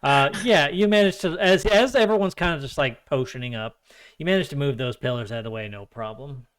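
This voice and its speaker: A man running a tabletop game as game master, relaxed and quick to laugh with his players. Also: mid-range voice, smooth. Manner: laughs often, easygoing with players.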